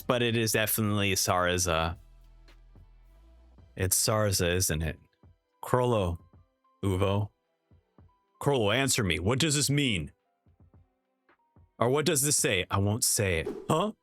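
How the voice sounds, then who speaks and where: A man's voice: fairly low pitch, animated, a little slow, long pauses, fairly bright tone, dry recording, faint music behind. A young man reacting to an anime episode, reading the subtitles aloud and narrating each scene, often stopping to correct himself. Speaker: reaction streamer.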